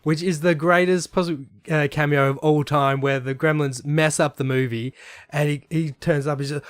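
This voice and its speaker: A man's voice: a little high, fairly even intonation, normal speed, dry recording, studio quality. A young man, a podcast guest, telling stories in a casual chat with easy laughs. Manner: storytelling, laughs into impressions.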